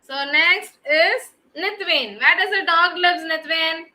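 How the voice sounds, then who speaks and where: A woman's voice: very high voice, slow pace, music in the background. A woman teaching young children in an online class, calling on them by name and praising their answers. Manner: patient, questioning children by name. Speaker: kindergarten teacher.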